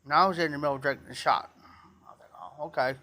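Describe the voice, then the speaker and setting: Rambling man with a bright, high-set voice. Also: fast talker. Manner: rambling, repeats himself, talks straight to viewers. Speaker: live streamer. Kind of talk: casual live-stream storytelling.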